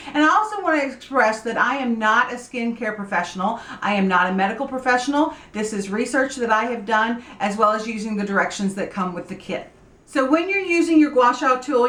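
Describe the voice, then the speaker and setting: A woman in her forties hosting a skincare tutorial vlog, explaining in an upbeat, clear way. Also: fairly high pitch, fairly bright tone, roomy sound. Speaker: beauty vlog host.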